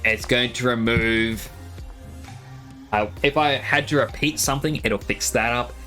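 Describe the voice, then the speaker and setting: A man's voice: medium pitch, measured pace, bright, forceful tone, soft background music. Man rambling on a live stream, dry-throated. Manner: rambling, chatty, laughs often. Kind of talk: casual live-stream chat.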